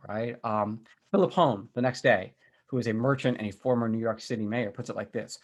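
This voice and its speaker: A man giving a recorded university history lecture, telling events as a lively story with frequent ums and restarts. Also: mid-range voice, fairly quick.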